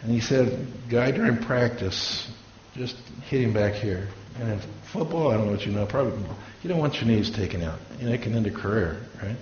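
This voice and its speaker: A pastor with a lowish, slightly mellow voice preaches a little fast and expressively, weaving in stories and performing the voices of those he quotes. Dull lo-fi audio, room echo, and faint hiss are present.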